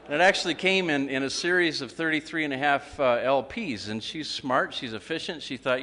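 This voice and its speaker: A man's voice: a little high, a little fast, hardly any pauses, sharp tone. Man telling jokes in an echoey hall. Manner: joke-telling with acted quotes. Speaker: club speaker. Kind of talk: humorous after-dinner speech. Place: club meeting hall. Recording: echoey hall, faint ambience.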